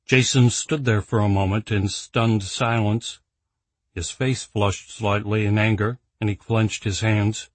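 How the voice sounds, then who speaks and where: A man narrating an audiobook in a steady, even storytelling manner. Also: fairly low pitch, measured pace, no room sound.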